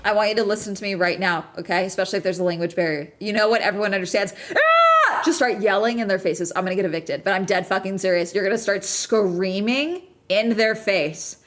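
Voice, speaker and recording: Woman streamer, mid-pitched, stressed and profane, urgent reaction chat. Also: quick pace, few pauses. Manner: anxious, swearing, urgent pleading.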